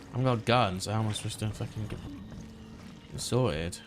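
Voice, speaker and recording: A man's voice: on the low side, brisk. A man talking to himself in a wry, muttering way while playing a video game. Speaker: gameplay streamer. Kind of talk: casual let's-play commentary. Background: game music.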